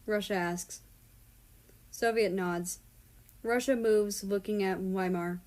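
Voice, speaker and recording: A woman reading a story aloud in a calm, steady narration. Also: mid-range voice, slow pace. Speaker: story reader. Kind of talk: reading fan fiction aloud.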